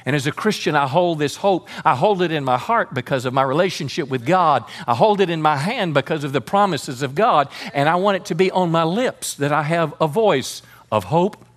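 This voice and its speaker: A man's voice: on the high side, expressive, normal speed, few pauses. A man preaching a sermon as pastor, fervent and calling on the congregation to respond.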